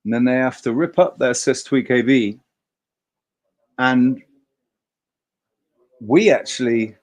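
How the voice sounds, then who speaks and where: Hosting a relaxed livestream chat, a man talks in an emphatic, rambling way, cursing without restraint. He has a mid-range voice with a darkish tone and speaks at a slow pace.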